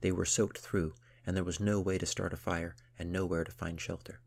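A man giving steady, measured scripted audiobook narration. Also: deep voice, gravelly, slightly rough. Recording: rain and thunder sound effects. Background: rain and thunder.

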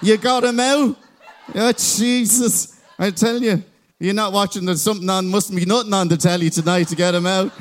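Irish male emcee, high voice, playful crowd banter on a stage mic. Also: fairly even intonation, normal speed. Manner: chatty, teasing banter with the crowd. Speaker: master of ceremonies. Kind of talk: live stage introduction to an audience. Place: large concert venue, crowd present.

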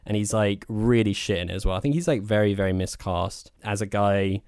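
A man's voice: lowish voice, steady tone, fairly quick, darkish tone, clear, resonant tone, dry recording, clean studio sound. A man co-hosting a podcast, giving a frank, opinionated film review in a loose, chatty way. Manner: opinionated, talks in loose spoken asides. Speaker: podcast co-host. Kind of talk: casual film review chat.

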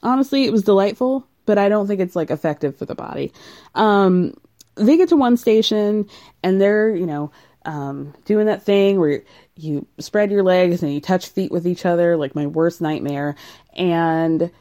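Low-ish mellow woman recapping a dating show, chatty and sarcastic, lots of "like". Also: expressive, unhurried. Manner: chatty, sarcastic asides, frequent "like". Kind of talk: casual recap chat.

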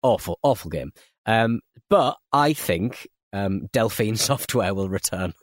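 A man's voice: on the low side, expressive, a little slow, no echo, studio quality. A northern English man co-hosting a podcast in casual chat, rambling and chuckling through his sentences. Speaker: podcast co-host.

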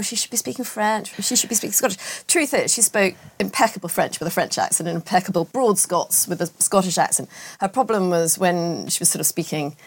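A woman's voice: on the low side, gravelly, slightly rough. A woman historian on a discussion panel, opinionated and questioning, laughing easily.

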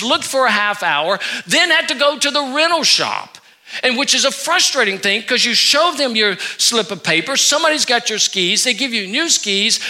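A male pastor preaching a sermon, telling a story from his own life in an animated way. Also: high-pitched. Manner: animated storytelling, acting out his own anger then quiet remorse. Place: church sanctuary.

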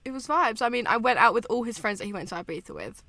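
A woman in her twenties from England co-hosting a podcast, bubbly and quick to laugh in casual chat. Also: a little high, lively intonation, bright, forceful tone, no room sound. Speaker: podcast co-host.

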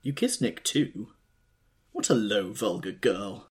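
A man's voice: on the low side, lively intonation, slow, husky, exaggerated voice. Male reader as sardonic young woman, dry, lilting. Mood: teasing.

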